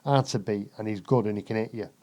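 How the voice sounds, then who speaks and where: British male guest, casual storyteller, foul-mouthed and animated, mellow tone. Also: on the low side, fast talker. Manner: profane, animated, lots of swearing. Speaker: podcast guest.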